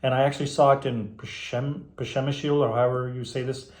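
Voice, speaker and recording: A man's voice: medium pitch, little pitch movement, a little fast, a little mellow, echoey room. Tired, rambling man. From Canada. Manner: rambling, enthusiastic, chatty. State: tired, voice going hoarse. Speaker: pipe tobacco vlogger. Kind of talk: casual vlog chat.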